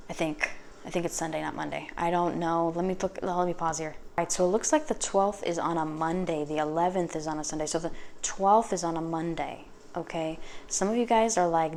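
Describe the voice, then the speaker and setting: A woman giving a casual tarot reading, chatty and sassy, swearing freely and tossing off quick acted asides. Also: fairly low pitch, fairly even intonation, darkish tone, slight background noise. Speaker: tarot reader.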